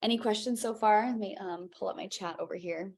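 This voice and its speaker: A young woman leading a live online health coaching session, energetic and encouraging, checking in often with her viewers. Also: mid-range voice, a little fast. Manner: energetic, encouraging, casual with frequent "okay?" check-ins. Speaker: health and weight loss coach.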